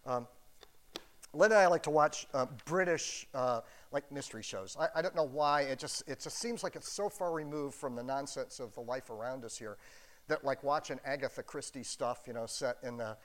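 A man's voice: medium pitch, moderate pace. Folksy, conversational male pastor. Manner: folksy, conversational, joking asides. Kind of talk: sermon.

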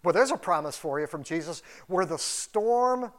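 High-voiced man preaching conversationally. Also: animated, moderate pace. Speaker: pastor. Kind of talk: sermon. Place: church building.

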